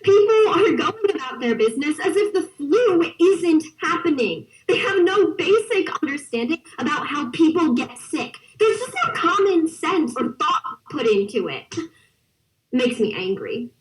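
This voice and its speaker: A bitter young woman reads her letter with scorn for careless people, as a woman acts her. Her voice sits high and sounds distant from the microphone. It is a theatre monologue performed over a video call. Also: big pitch swings, a little slow. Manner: scornful, indignant letter-reading. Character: bitter young woman during 1918 flu. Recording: distant from the mic.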